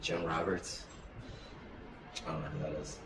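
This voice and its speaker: A man's voice: rumbling low, flat delivery, moderate pace. A man co-hosting a casual chat, playful and tossing out silly ideas. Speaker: co-host. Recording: echoey room with loud noise.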